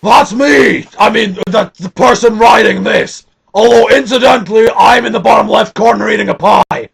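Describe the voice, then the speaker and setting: A man voicing a melodramatic villainous mastermind in a fan parody, shouting and breaking character to complain, with a raspy gravelly voice. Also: high voice, normal speed, full character voice. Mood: ranting villain. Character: ranting villainous mastermind, adult male. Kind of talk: fan parody audio drama.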